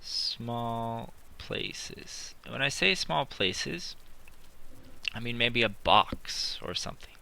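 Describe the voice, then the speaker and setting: Slow, gravelly man teaching English. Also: medium pitch, lively intonation, sharp tone. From not British. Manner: slow and deliberate, repeats examples while writing on a board. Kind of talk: slow classroom explanation.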